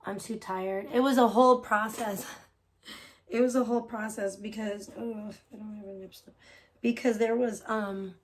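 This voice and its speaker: A woman's voice: fairly high pitch, fairly even intonation, normal speed. A woman chatting casually on a live stream, rambling and distracted while she tidies up and swears offhandedly. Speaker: livestreamer.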